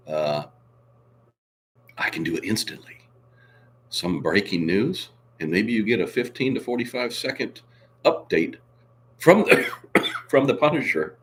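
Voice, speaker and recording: Hoarse male stream host, very low voice, lively swings in pitch, faint noise behind. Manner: showy, reads out viewer comments. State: hoarse, coughing. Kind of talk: casual live stream chat.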